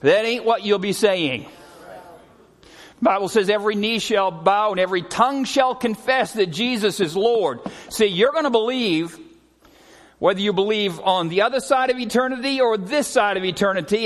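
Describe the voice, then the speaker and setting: In a church sanctuary with long hall reverb, a high-pitched middle-aged man preaches a sermon as pastor. He tells stories earnestly, often slowing down and dropping his voice for emphasis.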